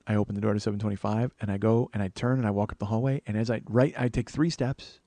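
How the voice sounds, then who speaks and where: A man in his forties hosting his own show, telling a profane, animated story that swings from low mutters to loud mock pride. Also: fast, no echo. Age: 40s. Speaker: comedian podcast host. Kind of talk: storytelling monologue.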